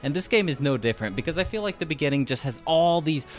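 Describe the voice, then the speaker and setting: A man's voice: a little high, expressive, fast, faint music behind. A young man giving a casual, enthusiastic spoken review of a video game, with lots of filler words.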